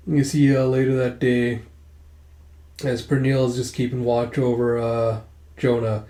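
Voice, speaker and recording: A man's voice: medium pitch, flat delivery, a little slow, warm tone. Chatty man narrating with asides. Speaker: comic reader. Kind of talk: casual comic readthrough. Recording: roomy echo.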